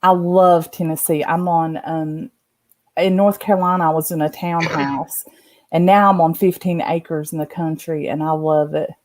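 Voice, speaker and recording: A woman's voice: low voice, fairly even intonation, normal speed, a little mellow. A woman with a Southern Appalachian accent, chatting and laughing often on a video call from her bed at home. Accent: Southern American, Appalachian. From Southern United States. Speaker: guest. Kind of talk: casual chat on a video call.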